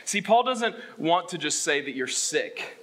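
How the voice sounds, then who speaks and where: A man preaching a sermon as pastor, asking the congregation questions and swinging between loud emphasis and hushed statements. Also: a little high, big pitch swings, unhurried, a little hiss or hum.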